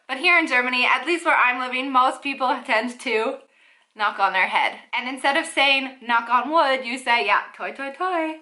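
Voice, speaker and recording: A young Canadian woman talks to her camera in a chatty, upbeat vlog, tossing in playful asides as she goes. Her voice sits a little high and has a bright, forward ring to it. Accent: Canadian English. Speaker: vlogger. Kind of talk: casual vlog talk to camera.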